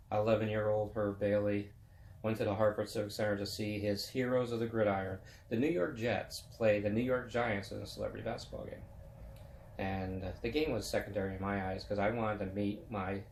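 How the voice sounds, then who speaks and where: A man's voice: fairly low pitch, vocal fry, darkish tone, echoey room. A man in his fifties hosting a web chat show, talking about sports in a rambling, folksy, casual way. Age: 50s.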